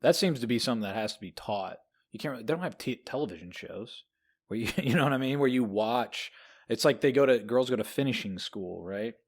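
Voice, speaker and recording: A man co-hosting a podcast, talking through a novel in a lively, rambling way. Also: mid-range voice, a little fast. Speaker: podcast co-host. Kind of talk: casual book discussion.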